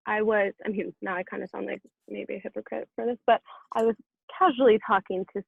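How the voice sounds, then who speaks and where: A woman's voice: mid-range voice, steady tone, fairly quick, gravelly, slightly rough, no echo. A young woman guest chatting casually and wryly on a podcast. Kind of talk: casual chat. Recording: tinny phone-like call audio.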